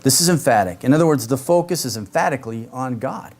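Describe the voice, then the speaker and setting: A man's voice: mid-range voice, lively intonation, fast talker, darkish tone. A man, a pastor, preaching an expository sermon with casual conversational asides to the congregation.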